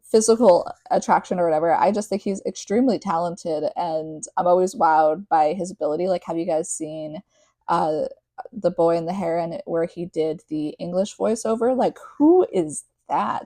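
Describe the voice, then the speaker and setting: A woman's voice: on the low side, moderate pace, warm tone, no room sound. A young woman reading a novel aloud and breaking off into rambling, casual commentary, peppered with "like". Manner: chatty, rambling, heavy use of "like". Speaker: podcast host.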